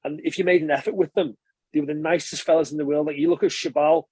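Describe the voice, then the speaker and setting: A man recounting his playing days in an easygoing, chatty interview. He talks quickly with a fairly high, slightly husky voice, swears freely and often restarts mid-sentence. The sound is dry and close to the mic. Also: steady tone, a little mellow, dry recording. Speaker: former professional rugby player, interview guest. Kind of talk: casual conversational storytelling.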